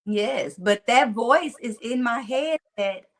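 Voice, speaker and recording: A woman's voice: on the high side, takes it slowly. Twangy Mississippi woman telling stories. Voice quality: country twang. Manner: animated, laughs often. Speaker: motivational speaker guest. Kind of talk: casual storytelling interview.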